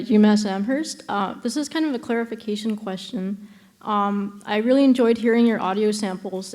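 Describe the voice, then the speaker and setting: Woman in the audience asking a rambling academic question, lots of ums, mid pitch. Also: darkish tone. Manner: hesitant, many fillers and restarts.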